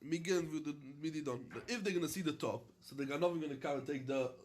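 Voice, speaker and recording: A man's voice: fairly high pitch, fairly quick. Man teaching a Talmud class. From London. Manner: reads Aramaic phrases then explains in English, with many fillers. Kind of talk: Talmud class, reading and translating.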